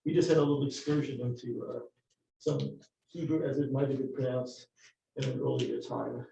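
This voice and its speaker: A man teaching a class on prayer melodies, shifting between relaxed, halting explanation and slow sung chant. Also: medium pitch, gravelly. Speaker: cantorial teacher. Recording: roomy, distant, dull lo-fi sound with faint noise.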